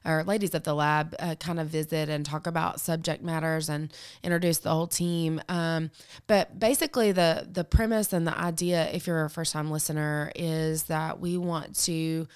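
A woman hosts a casual podcast in a low, hoarse voice. She talks in a chatty, upbeat way, full of ums and asides. Under the hoarseness her tone stays smooth. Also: level tone, moderate pace, few pauses, darkish tone. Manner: chatty, upbeat, many fillers. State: hoarse from a lingering cold. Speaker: podcast host.

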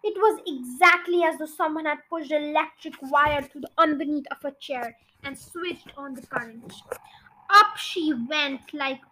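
A woman reading a children's storybook aloud, expressive and slowing for suspense. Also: sits high, slight background noise, poor audio. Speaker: podcast storyteller.

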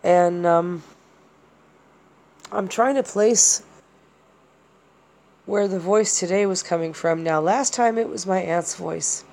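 A woman's voice: fairly low pitch, slow pace, pauses often, darkish tone. A woman hosting a podcast, talking through personal experiences in a rambling, hesitant way with many fillers and restarts. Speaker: podcast host. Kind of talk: personal monologue.

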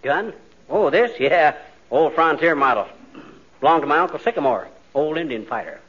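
A wisecracking, bragging husband, high and animated, on a muffled 1940s radio recording. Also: male voice, moderate pace. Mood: blustering. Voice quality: blustering, boastful, wisecracking. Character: boastful blustering middle-aged husband. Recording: dull old radio recording with hiss.

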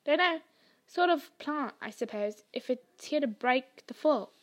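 A woman's voice: sits high, expressive, unhurried. A woman reading the lines of a brave, decisive boy wizard, speaking urgently and in command. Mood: reassuring.

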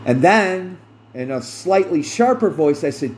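With a darkish tone yet a fairly high, widely varying pitch, a middle-aged man hosting a podcast speaks in a slow, deliberate way. His intonation is lively as he earnestly relates a personal story, repeating phrases for emphasis. An air conditioner hums faintly in the background.

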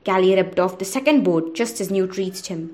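A woman narrating a novel aloud for a podcast, in a steady, measured way. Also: medium pitch.

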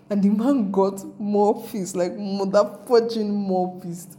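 A young Nigerian woman with a Nigerian accent, chatting casually in a vlog, telling her travel stories with animated, rambling asides. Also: mid-range voice, moderate pace. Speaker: travel vlogger.

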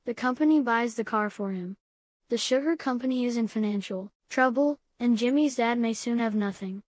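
A woman voicing a kind, proud father who is a schoolteacher, speaking calmly and encouragingly, in a higher voice and a dry recording. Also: normal speed, no room sound, lightly acted. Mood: gentle. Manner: calm, kindly encouraging.

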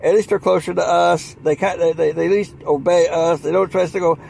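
A man's voice: fairly high pitch, fairly even intonation, a little fast, vocal fry, a little mellow, a little hiss or hum, low-quality recording. A man rambling through a sarcastic comic monologue, full of restarts and mock voices. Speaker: comedian. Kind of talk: rambling stand-up style monologue.

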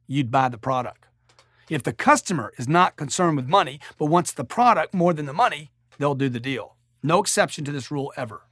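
A middle-aged man delivers a blunt, emphatic sales-coaching monologue in a slightly higher voice than most men. The sound is dry and close, with no room around it. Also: animated, moderate pace, fairly bright tone, dry recording. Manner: emphatic, blunt, with rising intensity. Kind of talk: motivational monologue.

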